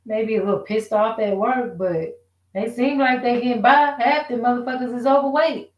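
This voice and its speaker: A woman's voice: on the high side, normal speed, lo-fi sound, a little hiss or hum. Woman ranting to her camera, cussing a lot, frustrated and rambling, asks a lot of why questions, echoey room. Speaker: vlogger. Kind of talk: casual rant to camera.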